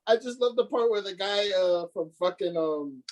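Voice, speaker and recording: A podcast co-host in casual movie banter, excitable and profane, acting out the monsters' lines. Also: mid-range voice, moderate pace, poor audio.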